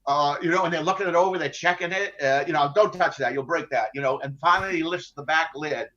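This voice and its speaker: An older man, a former ship captain, recounts his story in a podcast interview in a wry, halting way. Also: a little high, sharp tone, dull audio. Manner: wry, halting, full of restarts and laughs.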